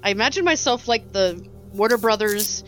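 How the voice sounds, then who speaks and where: A woman's voice: mid-range voice, lively intonation, moderate pace, fairly bright tone, soft background music. A woman playing in a tabletop game, casually and playfully explaining her character. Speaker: tabletop player. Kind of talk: casual chat.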